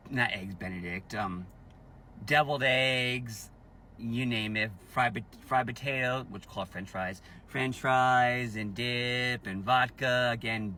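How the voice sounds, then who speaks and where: A man telling a personal family story slowly and emphatically, repeating himself for effect, with his voice rising in angry bursts on key points. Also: on the low side, pushed and bright, a little hiss or hum. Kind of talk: emotional personal vlog storytelling.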